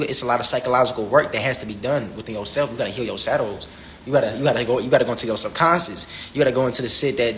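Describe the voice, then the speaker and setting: A young man rants about spirituality in a rapid, preachy stream. He repeats himself and peppers the talk with slang and "you feel me?", at a middle pitch. Faint ambience sits behind him. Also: fairly bright tone, slight background noise, poor audio. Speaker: vlogger. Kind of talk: spiritual rant.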